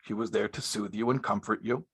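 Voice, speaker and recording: A man's voice: on the low side, steady tone, fairly quick, fairly bright tone, breathy edge. Emphatic man giving a spoken lecture. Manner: emphatic, repeats key phrases, uses Hebrew and Yiddish terms. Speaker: rabbi lecturing young married men. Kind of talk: spoken sermon-style lecture.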